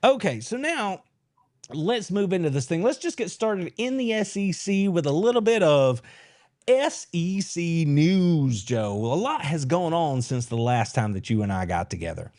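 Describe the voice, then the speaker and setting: A man's voice: on the high side, big pitch swings, moderate pace, darkish tone. A man hosting a live sports podcast, talking in a folksy, teasing way. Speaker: podcast host. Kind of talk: casual live show chat.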